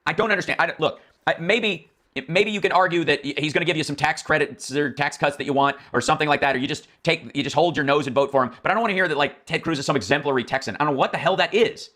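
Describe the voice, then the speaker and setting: A man's voice: a little high, fast, bright, forceful tone. A man hosting a political commentary stream, ranting in a profane, mocking, exasperated way with many restarts and asides.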